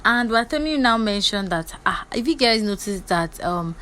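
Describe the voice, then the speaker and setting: A woman, casually recapping reality-show gossip in a chatty, animated way. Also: medium pitch, a little hiss or hum, low-quality recording. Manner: chatty and animated, quick asides.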